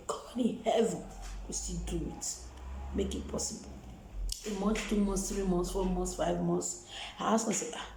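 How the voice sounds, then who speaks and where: A woman with a Nigerian accent speaks straight to her viewers in a low, warm, gravelly voice. She talks with emphatic repetition, stacking one phrase on the next to drive her point home. The sound carries the echo of a reverberant room. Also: moderate pace, slight background noise. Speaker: vlogger. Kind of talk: testimony and encouragement to viewers.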